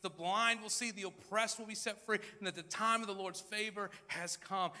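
A man preaching a sermon in a dramatic style, acting out crowd voices and swinging between loud and hushed. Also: sits high, steady tone, moderate pace, few pauses, long reverb tail. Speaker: pastor. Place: large church hall.

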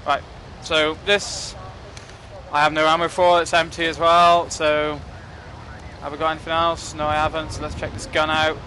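A young man giving casual, excitable commentary while playing a game, joking and swearing at what happens on screen. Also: fairly high pitch, moderate pace, slight background noise. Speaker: gaming commentator.

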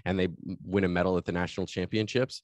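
A man's voice: sits low, level tone, fast, darkish tone, dry recording. A man hosting a podcast, also a coach, talking with enthusiasm in long flowing thoughts. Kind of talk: casual interview chat.

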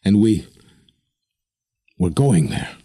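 A man's voice: low-pitched, big pitch swings, slow, mellow, husky, full character voice. A man voicing a desperate, stubborn young woman who pleads and insists. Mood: earnest.

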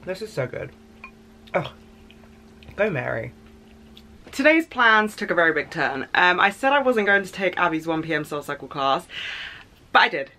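A young woman vlogging in a casual, chatty and excitable way, rambling with fillers. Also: fairly low pitch, normal speed, pauses often. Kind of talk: casual vlog chat.

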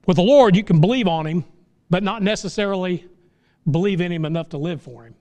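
This middle-aged pastor's pulpit sermon comes fairly quickly and in a warm tone, though his voice is notably high for a man. He mixes homey, plain speech with surges of fervent passion.

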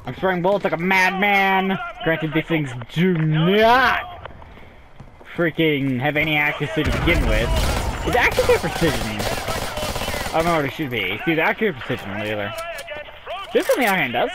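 A man's voice: normal speed, very noisy. A young man casually commenting while playing a shooter, swearing, laughing and yelping. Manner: excitable, swears, laughs often, sudden high yelps. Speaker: gameplay streamer.

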